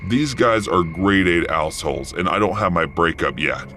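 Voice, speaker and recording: A man doing a cursing, panicky rough guy. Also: deep voice, moderate pace, sharp tone, slight background noise. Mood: calmer. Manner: curt, cursing, snapping. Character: panicky foul-mouthed rough man in trouble.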